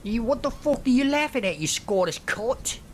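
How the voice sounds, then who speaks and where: A man voicing a drunk, aggressive young man who taunts and shouts abuse. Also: on the high side, animated, slow pace, slight background noise, pitched above the performer's own voice. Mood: raging.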